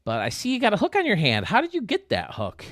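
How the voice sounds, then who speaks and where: A man's voice: high-pitched, huge pitch swings, quick pace, fairly bright tone, no room sound, studio quality, voice pushed up, full character voice. A man voicing a plain-spoken man who holds pirate auditions, asking curious questions in a joke.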